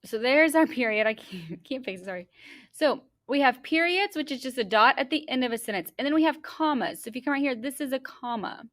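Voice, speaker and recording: A young adult woman teaching a class, explaining step by step and reading a story aloud slowly and deliberately in an encouraging way. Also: high-pitched, expressive, a bit bright.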